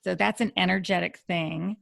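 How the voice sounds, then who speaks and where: A woman with a low, deeply gravelly voice explains things earnestly in a radio interview, stopping and restarting her sentences. The sound is dry and close. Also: fairly even intonation, normal speed, a bit bright, dry recording. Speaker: dog communicator guest.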